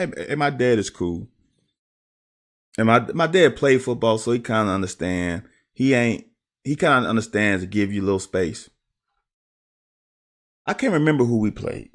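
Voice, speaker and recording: A young man, a former player, casually breaking down game film and telling profane, animated stories with quick laughs. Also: medium pitch. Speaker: football analyst.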